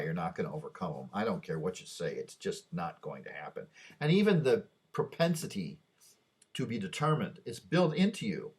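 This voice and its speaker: Husky low-voiced man rambling. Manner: rambling, muttering, restarts and trails off. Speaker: vlogger. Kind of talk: late-night rambling monologue.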